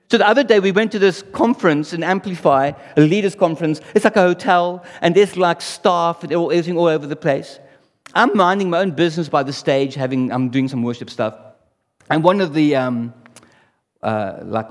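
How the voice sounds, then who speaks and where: A man preaching a sermon in a conversational way, often asking the audience rhetorical questions. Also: on the high side. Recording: long reverb in a hall.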